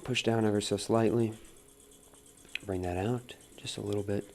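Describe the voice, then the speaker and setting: A man giving a relaxed live pottery demonstration at the wheel, talking through each step on a wireless mic in his studio. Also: fairly low pitch, normal speed. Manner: relaxed, talks while working at the wheel, reads chat aloud. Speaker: pottery teacher streaming a demo. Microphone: wireless transmitter mic.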